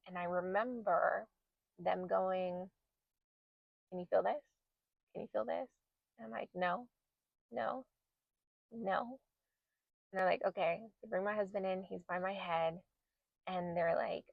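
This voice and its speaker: A woman's voice: mid-range voice, creaky, dry recording, highs cut off. Young woman telling her own story, quotes everyone, dry close mic. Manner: animated retelling, quoting herself and others. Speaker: podcast host. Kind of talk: personal storytelling.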